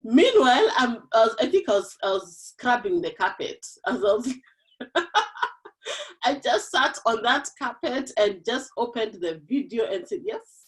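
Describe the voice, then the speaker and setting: A Kenyan woman hosts an online women's forum over a video call, chatting animatedly and laughing often. Her fairly high voice swoops up and down with lively energy, at normal speed with few pauses. The recording is rough.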